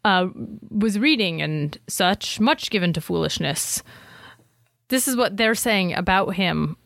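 A woman co-hosting a casual history podcast, animated, often reading quotations aloud with quick asides. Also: medium pitch, creaky, no room sound, clean studio sound. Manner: animated, quotes sources aloud, fast asides. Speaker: podcast co-host. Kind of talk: casual conversational history chat.

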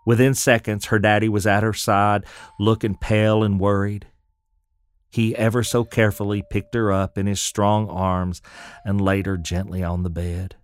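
A man's voice: fairly low pitch, level tone, normal speed. A man narrating a scripted audio drama in a folksy storytelling manner.

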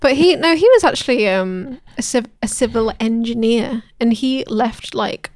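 A woman's voice: a little high, moderate pace, no echo, studio quality. A woman co-hosting a podcast in casual chat, giggly and chatty with anecdotes. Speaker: podcast co-host.

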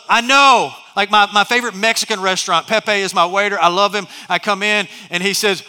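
Animated pastor preaching. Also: male voice, high-pitched, fast, few pauses, smooth, big-room sound. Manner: animated, storytelling with many restarts and asides. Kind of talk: sermon. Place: large church hall.

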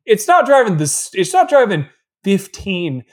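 A man's voice: high voice, wildly swooping pitch, unhurried. A man co-hosting a podcast, riffing with laughs and jokey impressions. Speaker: podcast co-host. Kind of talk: casual movie recap podcast.

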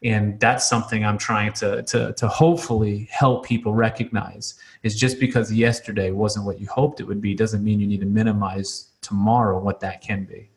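A man's voice: on the low side, steady tone, moderate pace, hardly any pauses. A pastor and author telling candid stories in a podcast interview, acting out quotes and repeating words as he goes. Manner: candid, storytelling with acted quotes and repetitions.

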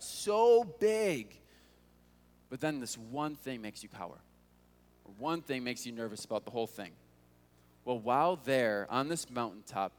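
Casual preacher man in an echoing hall. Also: medium pitch. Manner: casual, conversational storytelling with rhetorical questions. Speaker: pastor. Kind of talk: sermon. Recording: long hall reverb.

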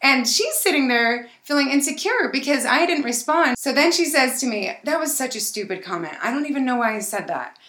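A woman podcast host telling a personal story in an animated, excited way. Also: sits high, brisk, hardly any pauses, reverberant. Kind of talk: casual storytelling chat.

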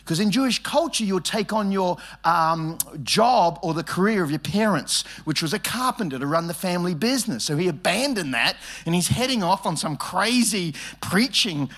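A male pastor with a high, light voice delivers a sermon in a church. He jokes his way through the teaching, slipping into quick bits of dialogue as he tells family stories, then settles back into earnest preaching. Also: a bit bright. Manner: humorous storytelling, acts out family dialogue.

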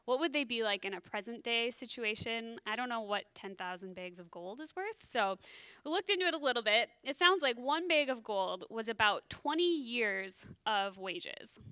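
A woman's voice: on the high side, pushed and bright, clean tone, dry recording. A woman giving a casual sermon on a parable, chatty and self-deprecating, thinking aloud as she explains. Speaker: bible teacher.

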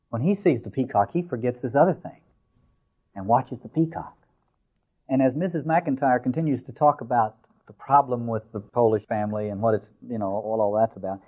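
A man giving a lecture who reads a story aloud slowly and then explains it in a discursive way, with fillers and restarts. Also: mid-range voice. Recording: tinny phone-like audio.

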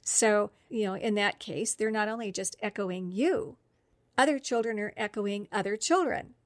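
A middle-aged woman talks through therapy techniques on a podcast, upbeat and walking through them point by point. Her voice sits at an ordinary middle pitch. The sound is dry and close, with no room around it. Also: normal speed, no echo. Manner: explanatory, upbeat, lists steps. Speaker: speech-language therapist guest. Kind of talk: instructional podcast talk.

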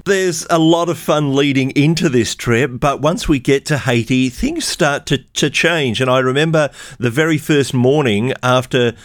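A man, a radio presenter recalling a trip in a measured, reflective way and asking his co-hosts questions. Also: mid-range voice, no room sound. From Australia. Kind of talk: conversational podcast reminiscing.

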